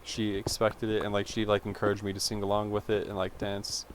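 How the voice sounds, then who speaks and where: A young man with a fairly low voice tells a meandering childhood story in a chatty, self-interrupting way, filling it with "like" and side tangents. Faint room ambience sits behind him. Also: completely flat delivery, brisk, slight background noise. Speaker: vlogger. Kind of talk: rambling personal storytelling.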